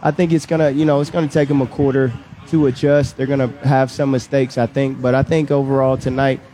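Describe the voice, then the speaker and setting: A man's voice: mid-range voice, fairly quick. A man, a guest on a live radio pregame show, talking casually and often repeating himself. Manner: relaxed, repeats words, trails off. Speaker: guest, former player and high school coach. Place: outdoors on a restaurant patio.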